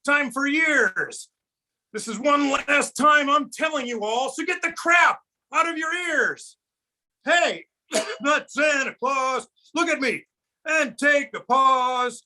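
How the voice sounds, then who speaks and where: A man voicing a grumpy old grandpa who is sick of being mistaken for Santa, ranting and singing in a high, bright put-on voice. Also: heavily acted, rough recording. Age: older. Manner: cranky, ranting, sings and shouts. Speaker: puppeteer. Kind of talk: comic puppet song.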